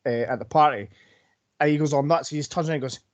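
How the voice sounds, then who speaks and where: A man's voice: on the high side, fast, no echo. A man co-hosting a casual podcast, rambling with many fillers. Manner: rambling, mumbles asides. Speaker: podcast co-host. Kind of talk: casual chat.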